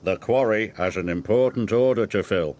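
A man's voice: on the low side, normal speed, darkish tone, close to an everyday voice. A man voicing a stout, stern railway boss in a children's cartoon, speaking firmly and businesslike.

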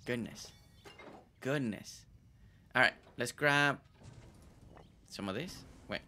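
A man's voice: mid-range voice, slow pace, pushed and bright. A man streaming a game, chatting playfully with his viewers and joking around. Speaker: gaming streamer. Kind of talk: casual gameplay commentary. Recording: faint game music behind.

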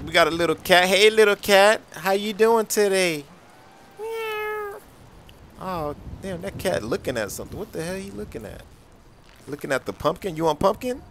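A young man giving casual, excitable game commentary, full of slang and repeated reactions. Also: on the high side, slight background noise. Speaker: gameplay commentator.

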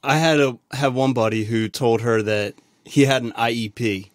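A man's voice: mid-range voice, steady tone, normal speed, dry recording. Chill guy cohosting a podcast, swears a lot, dry sound. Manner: laid-back, swears casually. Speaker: podcast co-host. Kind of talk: casual chat.

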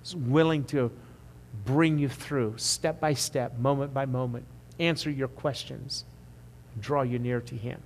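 A man preaching a sermon as pastor, emphatic at the peaks and quiet and slow when he appeals to the congregation. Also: medium pitch, steady tone. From United States. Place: church sanctuary. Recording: long church reverb.

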